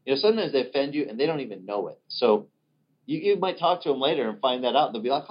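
A man preaching a sermon in an animated way, acting out the voices of the people he quotes. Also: medium pitch, fast talker, breathy edge. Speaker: pastor. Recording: dull lo-fi recording.

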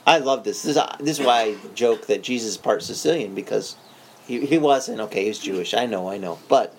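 A man preaching a sermon, telling the story in a lively, joking way, with frequent restarts. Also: lowish voice, fairly quick, slight background noise, rough recording. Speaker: pastor.

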